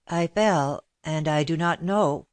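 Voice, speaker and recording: A woman reading aloud, voicing an exhausted, thin, wary man who speaks low and hesitantly. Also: takes it slowly, darkish tone. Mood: weary.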